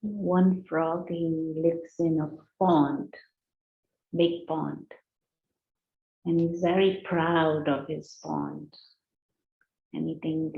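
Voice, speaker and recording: A woman meditation teacher speaks very slowly in a lowish voice, gentle and unhurried as she tells a story. Her voice is heard in a roomy, slightly dull recording. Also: fairly even intonation, gravelly. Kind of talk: guided meditation talk.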